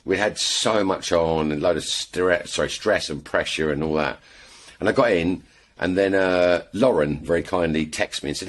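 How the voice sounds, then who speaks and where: A man's voice: deep voice, moderate pace. A British man from England, a podcast guest chatting casually and telling rambling stories full of restarts and asides. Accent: British English. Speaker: podcast guest, airgun shooter. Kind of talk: casual chat.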